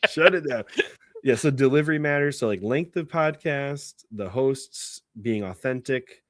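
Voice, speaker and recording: A man's voice: mid-range voice, moderate pace, no room sound. A man hosting a podcast in casual chat. He laughs often and restarts his sentences. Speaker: podcast host.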